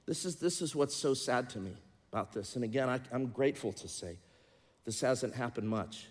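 A middle-aged male pastor delivering a sermon, mid-pitched and earnest, swinging from loud emphatic passages to quieter confiding stretches. His voice carries the long reverb of a large church hall. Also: animated, normal speed.

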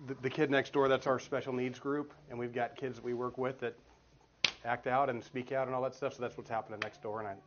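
A man in his forties, a guest speaker at a church group, gives a casual, earnest teaching talk in a mid-range voice with flat delivery, talking fast. He tells stories with many restarts. It's a dull lo-fi recording in a meeting room with a children's group next door, and the background is noisy.

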